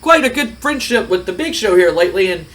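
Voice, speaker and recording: A man doing a halting male interviewer. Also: high voice, big pitch swings, fairly bright tone, poor audio. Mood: inquisitive. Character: male backstage interviewer asking questions.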